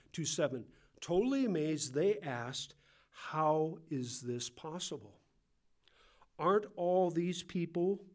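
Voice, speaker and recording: Man, Californian accent, pastor, fairly high-pitched, chatty Bible teaching, rhetorical questions. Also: darkish tone. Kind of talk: sermon.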